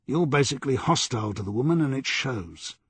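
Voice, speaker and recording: A man's voice: medium pitch, lively intonation, a little fast, breathy edge. A man playing a blunt, persistent police detective in an audiobook, pressing with firm questions.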